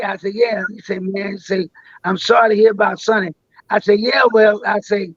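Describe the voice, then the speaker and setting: A man's voice: high voice, fairly even intonation, normal speed, breathy edge, dry recording, dull audio. An older man telling long stories as a guest on a live interview, rambling and restarting his words.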